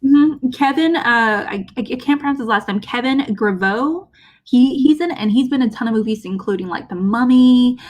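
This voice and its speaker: A woman with a slightly high voice talks through a film's cast in an easygoing way. She trails off and hunts for actors' names mid-sentence. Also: normal speed. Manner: laid-back, trailing off, searching for names. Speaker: co-host of a movie discussion show. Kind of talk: casual chat about a movie.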